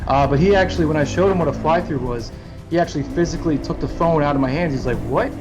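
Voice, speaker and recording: A man's voice: a little high, music in the background, rough recording. A man, a drone filmmaker on as a guest, telling stories with eager energy in casual chat. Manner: fast, eager storyteller.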